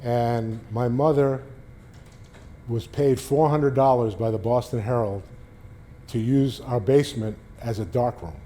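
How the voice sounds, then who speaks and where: Dark-voiced man telling lively stories. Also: measured pace, slight background noise. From New York. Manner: animated storyteller, raises pitch for quoted lines. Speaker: sportswriter. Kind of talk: storytelling talk.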